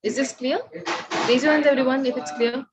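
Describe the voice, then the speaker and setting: A woman teaching a Spanish class, explaining a rule and often asking the students whether it is clear and urging them to raise their hands. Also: sits high, fairly even intonation, brisk, background noise. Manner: repeatedly checks understanding, coaxing students to raise hands. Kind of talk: online class lecture. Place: classroom or online class session.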